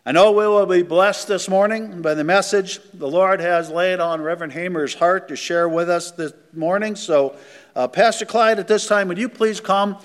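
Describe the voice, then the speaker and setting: A man's voice: high voice, normal speed. A man introducing the guest preacher to a church congregation, earnest and grateful, with frequent hesitations. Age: older. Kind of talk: formal introduction. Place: church sanctuary. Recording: long church reverb.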